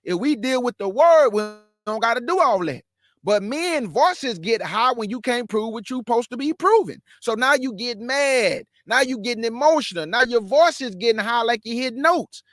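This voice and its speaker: Emphatic high-voiced man teaching scripture. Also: expressive, moderate pace, fairly bright tone, no room sound, studio quality. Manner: emphatic, repeats key phrases, calls listeners "family"; walks through a shared screen map while talking. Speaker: Bible teacher, show host. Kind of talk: casual Bible teaching.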